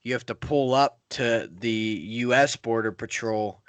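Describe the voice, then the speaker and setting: A young man spins a rambling road story in casual podcast chat, swearing freely and getting animated as he goes. His voice sits at an ordinary middle pitch, recorded dry and close with little room sound. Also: measured pace, clear, resonant tone, no room sound. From Pittsburgh area. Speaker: podcast host.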